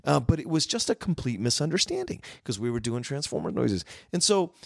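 A man hosting a casual film podcast, telling stories in an animated way. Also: a little high, vocal fry, no echo, studio quality. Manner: animated storyteller, quick asides. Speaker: podcast host. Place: Los Angeles.

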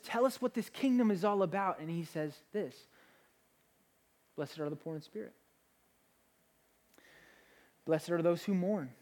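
A young man, a pastor, preaching a sermon in an energetic, conversational way, with frequent restarts. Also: sits high.

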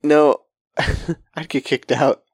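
A man co-hosting a casual podcast, answering in a relaxed, dry way and laughing along with his friend. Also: a little high, extremely slow, breathy edge, no echo. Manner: relaxed, dry replies, joins the jokes with laughs. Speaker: podcast co-host. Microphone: studio microphone.

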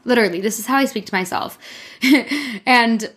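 A woman's voice: fairly high pitch, a little fast, a bit bright, slightly rough. A woman hosting a casual solo podcast, talking candidly from her room in a rambling, self-encouraging way with lots of "like.". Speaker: podcast host. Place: her own room, speaking toward a mirror.

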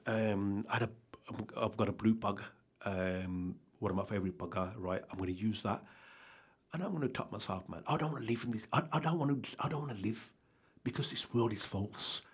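With a fairly low, husky voice and a brisk pace, a man who runs a charity gives an interview about his own life. He is earnest and rambling, frequently stopping to ask "do you understand?"

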